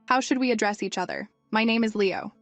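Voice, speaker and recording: A woman's voice: mid-range voice, fairly quick, dry recording, close to an everyday voice. A woman voicing an earnest, shy young male henchman who talks plainly and a little flustered, over faint music. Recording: dry, music faint behind.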